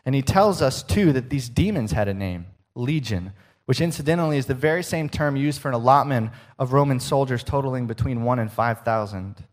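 A man preaching a sermon, slowing for emphasis and dropping to a hush at the ends of lines. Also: medium pitch. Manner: expressive, slows for emphasis and drops to a hush at line ends.

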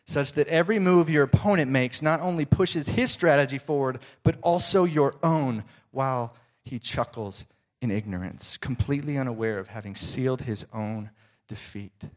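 Brief: male preacher, mid-pitched voice, dramatic storyteller, hushed delivery. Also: moderate pace. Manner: dramatic storytelling, dropping to soft, hushed tones. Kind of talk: sermon.

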